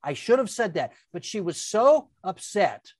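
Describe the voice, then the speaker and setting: An older woman appears as a guest, telling a casual anecdote in a medium-pitched voice at normal speed, recorded dry and close with no echo. She's chatty and lively, stumbling over words, restarting with stammers and acting out the quotes.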